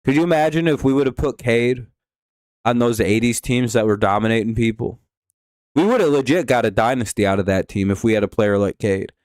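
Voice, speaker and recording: A man's voice: medium pitch, fairly quick, darkish tone, dry recording, clean studio sound. A man hosting a live stream, giving rambling, offhand game commentary with casual swearing.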